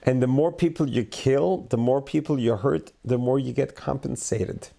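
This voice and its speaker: A man who hosts a channel as a rabbi, giving reflective commentary on a clip in a deliberate, explanatory way. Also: medium pitch, creaky, dark tone.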